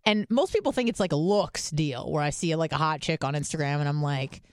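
Woman, podcast co-host, casual rambling chat, lots of fillers, smooth clear voice, dry close sound. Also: low voice, brisk, no echo. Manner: rambling storyteller, loose with many "like" fillers.

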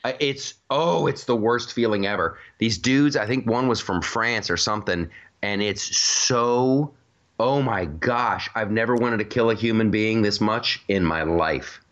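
A man's voice: on the low side, unhurried, fairly bright tone, dull audio. A man hosting a casual, comedic podcast chat, rambling through stories with many restarts and laughs. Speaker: podcast host.

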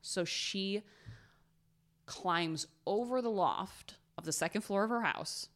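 A woman casually retelling a true crime story on a podcast, animated and blunt, acting out quotes. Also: mid-range voice, slow. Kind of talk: casual chat.

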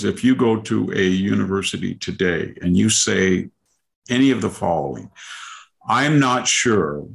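An older man with a low, gravelly voice, talking through political commentary on a podcast. He rambles in long lists and slips into mock quotations as he makes his case. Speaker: podcast host.

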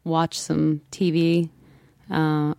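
English actress, young-sounding chatty guest, self-deprecating, loose fillers, fairly low voice. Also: female voice, flat delivery, extremely slow, vocal fry, warm tone, no echo, clean studio sound. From England. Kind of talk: casual chat.

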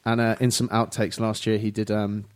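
A man's voice: lowish voice, completely flat delivery, moderate pace, clean tone. A man with a British accent, a comedian guest, joking around and explaining things in a casual podcast chat. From Britain.

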